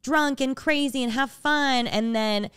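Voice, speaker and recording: Smooth-voiced young woman co-host. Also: sits high, unhurried, fairly bright tone, dry recording, clean studio sound. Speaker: podcast co-host. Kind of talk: casual chat.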